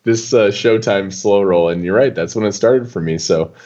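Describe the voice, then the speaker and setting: A young man talking as a guest on an interview show, loose and animated, full of casual fillers. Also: fairly low pitch, normal speed, lo-fi sound. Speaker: poker player guest.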